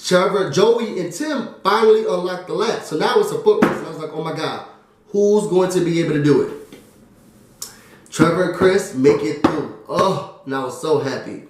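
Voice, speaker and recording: A chatty, excitable man with a high voice runs through a TV recap. He fills gaps with "um" and "da, da, da." His voice rings around a bare, echoey room. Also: moderate pace. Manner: chatty and excitable, drops fillers and "da, da, da". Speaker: TV recap vlogger. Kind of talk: casual recap and review.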